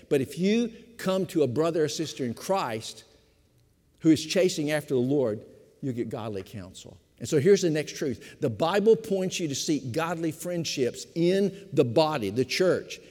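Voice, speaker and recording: An older man, a pastor of fifty years, preaching a sermon with emphatic repetition, slowing for stress and speeding through asides. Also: a little high, darkish tone. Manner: emphatic preaching, repeats key phrases, shifts between slow stress and quick asides. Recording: long hall reverb.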